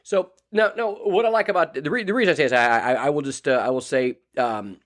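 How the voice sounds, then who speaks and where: A man's voice: fairly high pitch, quick pace. A man co-hosting a casual fantasy football podcast, rambling with many repeated words and restarts. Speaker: podcast co-host.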